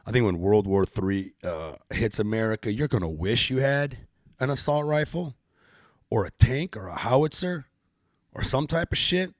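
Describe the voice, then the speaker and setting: A man's voice: mid-range voice, animated, moderate pace, dry recording, clean studio sound. A middle-aged man hosting a casual live-stream podcast, joking around in loose, profane banter. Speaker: podcast host.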